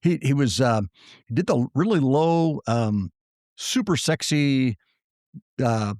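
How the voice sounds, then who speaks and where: A man's voice: medium pitch, lively intonation, slow, a little mellow, dry recording, clean studio sound. A man co-hosting a podcast, chatting casually and often searching for his words. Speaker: podcast co-host. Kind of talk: casual chat.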